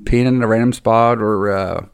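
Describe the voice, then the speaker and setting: A man's voice: fairly low pitch, steady tone, normal speed, gravelly, clear, resonant tone. A man who races cars, chatting as a guest in an easygoing, hesitant way. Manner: easygoing, hesitant, many restarts. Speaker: race car driver, podcast guest. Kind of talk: casual chat.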